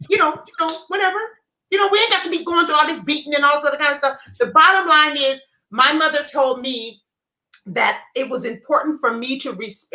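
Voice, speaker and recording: A middle-aged woman co-hosting a casual chat, telling stories in an animated, emphatic way. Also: high voice. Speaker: co-host. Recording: echoey room.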